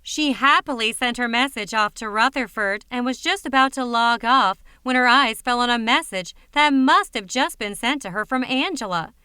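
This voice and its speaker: Woman, audiobook narrator, measured, bright, smooth clear voice. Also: on the high side, no echo, clean studio sound.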